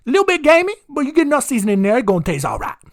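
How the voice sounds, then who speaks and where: A man's voice: extremely high pitch, huge pitch swings, very fast, pitched above the performer's own voice, exaggerated voice. A man voicing a boisterous Cajun man cooking up a swamp boil, in a folksy Cajun accent with dropped verbs.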